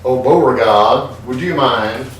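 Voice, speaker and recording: A man voicing a languid, mock-aristocratic southern gentleman calling for his servant, in a put-on Southern drawl. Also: medium pitch, a little slow, very echoey, recorded from a distance, a little hiss or hum, natural voice, rough recording. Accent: American Southern drawl, put on.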